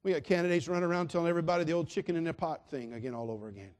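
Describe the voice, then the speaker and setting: A man's voice: fairly high pitch, rapid-fire, few pauses. A man preaching a sermon, addressing his listeners directly and acting out the people in his story. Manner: dramatic, swings from quiet asides to shouts; acts out quoted voices, addresses listeners directly.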